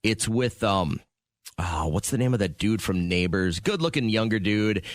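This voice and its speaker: A man's voice: on the low side, expressive, moderate pace, no echo, clean studio sound. A middle-aged man co-hosting a casual radio show, telling a long story with self-mocking asides. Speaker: radio co-host. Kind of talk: casual morning radio chat. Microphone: studio microphone.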